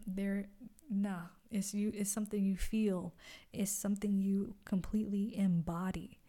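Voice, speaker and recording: A woman hosting her own podcast, talking softly and from the heart about her own life, often stopping to restart a phrase. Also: medium pitch, flat delivery. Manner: soft-spoken, heartfelt, halting with repeats. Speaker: podcast host. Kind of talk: personal reflective monologue.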